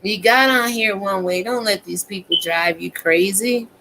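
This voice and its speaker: This vlogger in her fifties delivers a profane, casual rant to her audience, cursing a lot and speaking bluntly with emphasis. Her bright, forceful voice is medium-pitched at a normal speed, on a rough recording with slight background noise.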